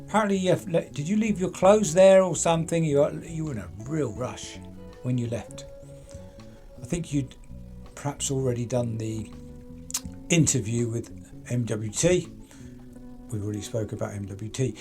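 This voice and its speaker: A man's voice: mid-range voice, moderate pace, pauses often, dark tone, soft background music. A man hosting a true crime channel, chatting casually and asking pointed rhetorical questions to people he talks about.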